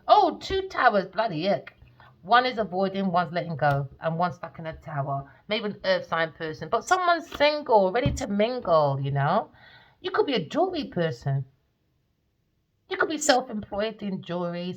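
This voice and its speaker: A woman who reads tarot, telling dream stories in a blunt, animated way and swearing freely. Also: mid-range voice, muffled recording. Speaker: tarot reader. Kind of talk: casual storytelling monologue.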